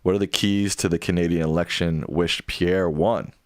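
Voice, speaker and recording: A man's voice: sits low, fairly even intonation, normal speed, no echo, studio quality. A younger man co-hosting a casual live stream, reading viewer questions aloud and joking playfully with his father.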